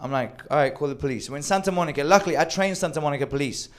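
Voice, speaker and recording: A man telling a wild personal story with animated delivery, acting out quoted lines and swearing freely. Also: a little high, racing, heavy background noise. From Sweden. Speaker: storyteller on a comedy show. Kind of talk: live comedic storytelling.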